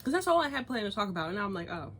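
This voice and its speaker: A young woman vlogging in casual chat, animated, swearing freely and laughing often as she rambles. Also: mid-range voice, racing, slight background noise. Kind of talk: casual chat, cookie review and gossip.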